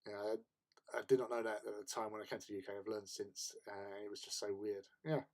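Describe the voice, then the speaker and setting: A man's voice: fairly low pitch, steady tone, fast. A man, hosting a hobby stream and telling long anecdotes in a casual chat, often breaking into laughter. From England. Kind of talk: casual chat while painting miniatures.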